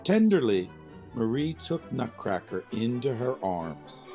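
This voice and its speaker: A man reading a children's storybook aloud with expressive narration. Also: mid-range voice, slow. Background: faint music.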